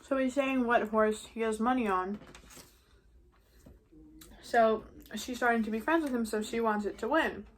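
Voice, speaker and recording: A woman's voice: fairly high pitch, unhurried, pauses often. A teenage girl vlogging while eating, chatty and casual, saying "like" constantly. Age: teens. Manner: chatty, heavy use of "like".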